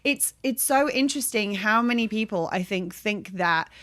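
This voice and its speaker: A woman co-hosting a casual podcast, her voice bright and clear. She talks in an animated way, laughs easily and scatters her sentences with fillers as she goes. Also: mid-range voice, moderate pace. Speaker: podcast co-host.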